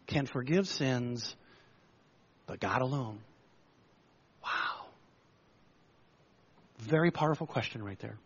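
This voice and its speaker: A man preaching a sermon in a storytelling way, acting out the voices of the crowd. His voice is husky. The recording sounds muffled and lo-fi. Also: a little high. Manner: storytelling, lively, acts out the crowd's lines.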